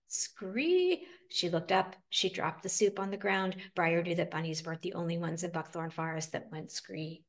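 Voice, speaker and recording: A woman reading a picture book aloud with expressive, dramatic storytelling. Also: on the low side, moderate pace, hardly any pauses. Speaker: storybook reader.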